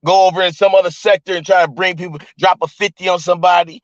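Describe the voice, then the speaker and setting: A man's voice: sits high, level tone, no echo. A man hosting a livestream, ranting in a profane, mocking way with heated energy. His voice comes through dull, lo-fi stream audio. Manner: profane, fast-talking, mocking. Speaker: streamer host.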